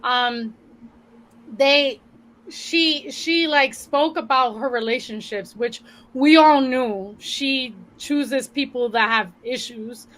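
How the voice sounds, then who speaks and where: High, bright, blunt-talking woman. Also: slow pace, low-quality recording. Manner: blunt and frank, swears freely. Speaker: podcast co-host. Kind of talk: casual chat.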